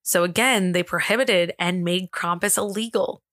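Bright, giggly woman podcaster. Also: fairly low pitch, moderate pace, no echo, clean studio sound. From America. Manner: giggly, self-deprecating, stumbles over reading. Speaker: podcast co-host. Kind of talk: casual podcast chat.

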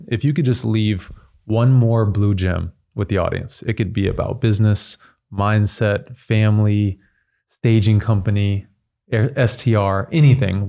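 A man's voice: lowish voice, vocal fry, warm tone. Upbeat man hosting a podcast. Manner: enthusiastic, encouraging, with fillers. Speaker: podcast host. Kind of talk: casual podcast interview.

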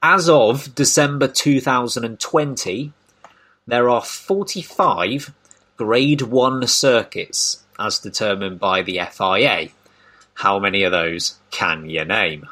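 Bright-voiced man hosting a podcast. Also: on the low side. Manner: thoughtful, with frequent restarts. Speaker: podcast host. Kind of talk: casual podcast discussion.

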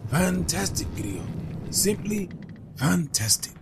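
A man's voice: high voice, very animated, slow pace, gravelly, noisy background, voice pushed up, exaggerated voice. A man doing an eager promo-skit chef. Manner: bright eager replies. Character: cheerful podcast host named Chef in a promo skit.

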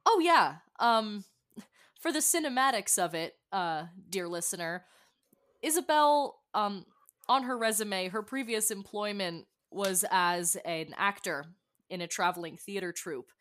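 A bubbly woman player describes her character's moves with theatrical relish and talks directly to the listeners. Her voice sits at an ordinary middle pitch. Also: unhurried, a bit bright. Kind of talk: tabletop game player chat.

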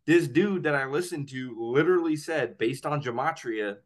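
Profane, animated man hosting a podcast. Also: fairly high pitch, normal speed. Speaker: podcast host. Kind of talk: casual chat.

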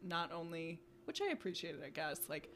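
A young woman with a slightly low voice chats casually as a podcast co-host. Her talk is full of fillers and quick asides, and faint noise hums behind her. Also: fairly even intonation, a bit bright. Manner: chatty, many fillers like "you know" and "like". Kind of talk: casual chat.

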